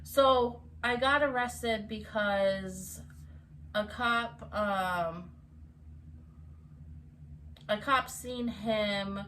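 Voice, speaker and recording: A woman co-hosting a casual storytime chat, animated, laughing often and restarting her sentences. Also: medium pitch, very slow, long pauses, a little hiss or hum, low-quality recording. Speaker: co-host telling a story.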